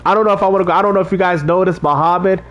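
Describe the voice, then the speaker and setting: A man's voice: sits high, fairly even intonation, very fast, a bit bright, muffled recording. A man hosting a casual livestream, talking straight to his chat and preaching about faith, often repeating himself. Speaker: livestream host reading chat.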